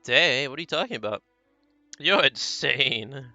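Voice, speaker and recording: A man's voice: mid-range voice, expressive, unhurried, pushed and bright, dry recording, faint music behind, heavily acted. A man reading the lines of a defiant, hurt young woman in his own voice. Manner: defiant, accusing. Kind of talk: reading game dialogue aloud.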